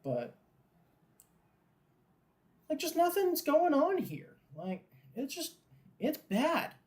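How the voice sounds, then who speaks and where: A man hosting a live watchalong who mixes glum fan grumbling and swearing with play-by-play calls that build in excitement on big plays. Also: very high-pitched, slow pace. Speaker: host of a live game watchalong. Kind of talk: casual live game commentary.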